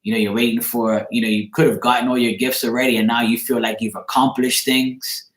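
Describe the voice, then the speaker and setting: A man's voice: mid-range voice, level tone, a little fast, roomy sound. A man giving a casual tarot reading on a livestream, rambling loosely, swearing now and then and breaking off to greet viewers. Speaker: tarot reader.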